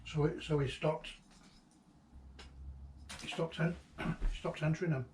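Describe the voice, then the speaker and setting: Halting man, distant and echoey. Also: on the high side, fairly even intonation, darkish tone. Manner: halting and reflective, with frequent ums and restarts. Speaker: vlogger remembering a late friend. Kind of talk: casual personal reminiscence. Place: at the friend's old house and garden. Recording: roomy echo, distant mic, faint ambient noise.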